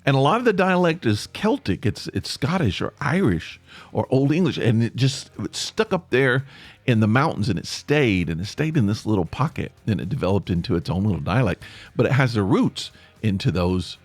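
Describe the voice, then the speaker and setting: A man's voice: lowish voice, very animated, moderate pace, no echo. A man with an Appalachian accent, hosting his own podcast and talking in a rambling, self-correcting way with frequent chuckles. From East Tennessee. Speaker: podcast host. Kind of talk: casual monologue.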